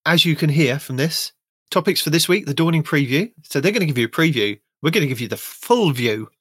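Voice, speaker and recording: British guy hosting a game podcast, slightly high voice, dry close sound, reads stuff out and cracks jokes. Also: expressive, a little fast, a bit bright, breathy edge, no room sound. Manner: reads news items out, joking asides. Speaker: podcast host. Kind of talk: casual gaming podcast chat.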